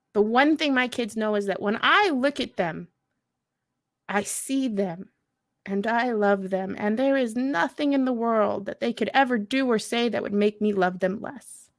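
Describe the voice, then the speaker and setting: A woman's voice: fairly high pitch, measured pace, pauses often, no room sound, studio quality. A woman in her thirties, a veteran and mother, telling candid stories at a mental health event in a blunt, profane way, often laughing. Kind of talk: candid storytelling.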